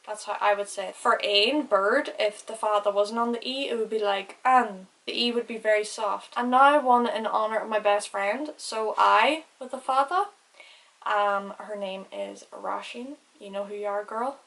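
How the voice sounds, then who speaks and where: A woman's voice: mid-range voice, moderate pace, gravelly, a bit bright, poor audio. A woman giving a casual language lesson who spells words out and stresses vowels carefully. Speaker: Irish language teacher.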